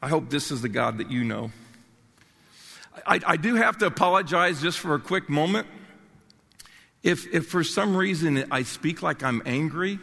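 Brief: older man, passionate pulpit preacher, gravelly voice, long hall reverb. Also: a little high, animated, normal speed, long pauses, sharp tone. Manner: passionate, emphatic preaching with restarts. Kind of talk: sermon.

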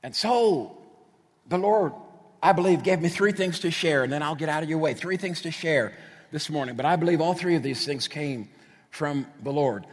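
A middle-aged male preacher from New Jersey delivers a sermon in a fairly high voice. He tells stories with animated energy and slips into casual, chatty asides. His voice rings out in a church hall with a long reverb tail. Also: moderate pace.

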